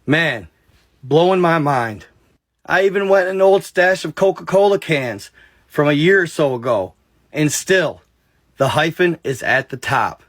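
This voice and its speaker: A man's voice: fairly high pitch, expressive, a little slow, fairly bright tone, no echo. A man narrating a story and chatting casually to his viewers, addressing them directly. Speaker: narrator and vlogger.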